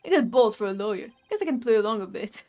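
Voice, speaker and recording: A gruff male strongman with a put-on Brooklyn accent, as a woman puts him on for a game. He barks threats in a gangster drawl and ends his lines with "see?". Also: mid-range voice, animated, quick pace, warm tone, close to an everyday voice. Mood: gruff, menacing. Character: blustering middle-aged male tough-guy minister.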